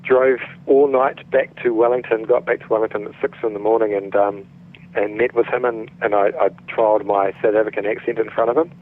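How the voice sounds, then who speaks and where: Man, New Zealand accent, actor guest, chatty with fillers, lowish voice, phone-line sound. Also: fairly even intonation, a little fast. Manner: chatty, many restarts and fillers. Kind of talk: relaxed interview storytelling.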